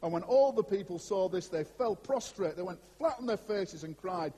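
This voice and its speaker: A man preaching a sermon to a congregation in an animated, conversational way, with asides to his listeners. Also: high-pitched, moderate pace, hardly any pauses, breathy edge. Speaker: pastor. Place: church before a congregation. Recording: long hall reverb.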